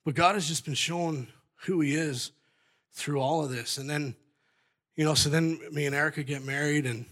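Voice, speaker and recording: A man's voice: fairly high pitch, steady tone, moderate pace, a bit bright. Rambling middle-aged man giving testimony. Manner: rambling, self-interrupting, jokey. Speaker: church member giving testimony. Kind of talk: personal testimony.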